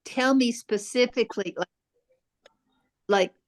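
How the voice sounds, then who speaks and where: A woman's voice: fairly high pitch, measured pace. A woman in a course group, talking in a direct, searching way and asking pointed questions. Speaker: course participant. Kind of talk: casual group share.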